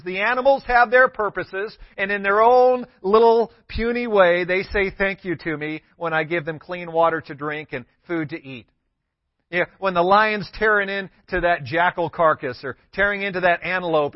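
A man's voice: high voice, no room sound. A man pastor giving a sermon, emphatic and repeating key words for stress. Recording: dull lo-fi sound.

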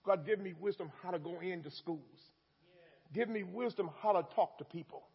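A man's voice: high-pitched, normal speed, husky, highs cut off. A man preaching a sermon in a call-and-response style, repeating lines with rising emphasis.

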